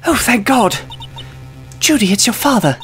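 A man voicing a worried middle-aged rabbit mother in a high, anxious put-on voice. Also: animated, unhurried, a bit bright, faint music behind, heavily acted.

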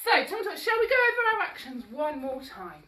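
High, bright woman leading toddler exercises. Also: big pitch swings, a little fast. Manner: upbeat, sing-song and encouraging, coaxing little ones along; moving and exercising while talking, a bit out of breath. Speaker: children's exercise class instructor. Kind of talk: live-streamed toddler action-song class. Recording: roomy echo, voice from a distance.

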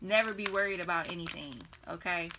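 A woman's voice: lowish voice, fairly quick, background noise. A woman giving a casual tarot reading, chatty and blunt, laughing often and swearing freely. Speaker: tarot reader.

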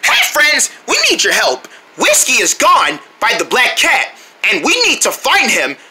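A woman telling a children's cartoon story, playful and excitable, calling out to the young viewers. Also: on the high side, measured pace. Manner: playful and excitable, calls out to the audience. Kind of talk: animated voice acting for kids, talking to the viewers.

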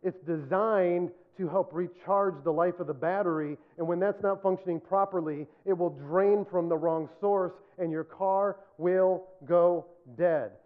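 Man, pastor, sermon, high voice, earnest, repeats points for emphasis, self-deprecating humor, tinny phone-like sound. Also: fairly even intonation, measured pace, few pauses.

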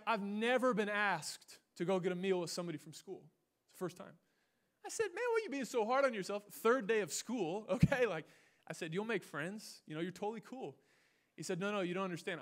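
Brief: young male pastor, high voice, animated sermon storytelling, loud-to-hushed swings, stage mic. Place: church stage.

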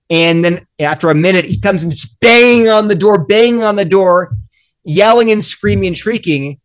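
A man's voice: high voice, moderate pace. A middle-aged man talking earnestly in a discussion, acting out short dialogues and often restarting his sentences. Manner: earnest, acts out little dialogues, frequent restarts. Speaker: guest author. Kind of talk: animated discussion.

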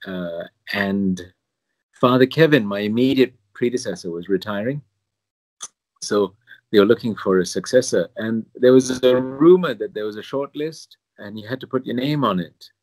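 A man's voice: lowish voice, normal speed, a little mellow, dry recording. A man from Singapore with a somewhat posh British accent, a priest telling his story in an interview with self-deprecating chuckles. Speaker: priest, pilgrimage chaplain.

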